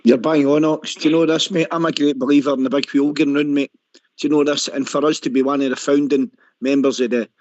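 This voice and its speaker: Matey Scottish caller on a dull line. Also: male voice, on the high side, flat delivery, fast, a little mellow, a little hiss or hum. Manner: matey, repeats "mate", passionate. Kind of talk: casual football phone-in chat.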